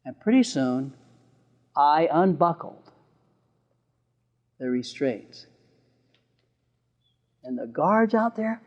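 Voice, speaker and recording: A man, a therapist, lecturing an audience with an animated, chuckling storytelling manner and sound effects. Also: a little high, slow pace, long pauses.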